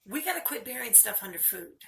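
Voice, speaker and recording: Earnest older woman with a bright voice. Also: on the high side, very animated, brisk, gravelly, slight background noise. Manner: candid, earnest, close to tears at times. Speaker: vlogger. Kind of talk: personal video monologue.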